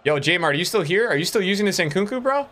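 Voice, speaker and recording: A man's voice: sits high, fast talker. A young man streaming a football video game, commenting casually, swearing often and talking to his chat. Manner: excitable, swears a lot, talks to chat. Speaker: gaming streamer.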